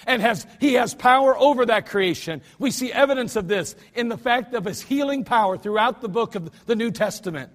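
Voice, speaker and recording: A man preaching a sermon as pastor, talking conversationally and dropping to quiet spoken lines before sudden shouted demonstrations. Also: extremely high pitch, lively intonation, fairly quick, hardly any pauses. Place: church sanctuary.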